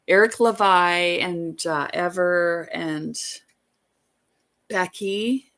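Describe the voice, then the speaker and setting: A woman with a low, gravelly voice tells a long story on her livestream. She rambles and doubles back, and she leans hard on the details she is certain of. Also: a bit bright. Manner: rambling, emphatic retelling. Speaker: livestream host.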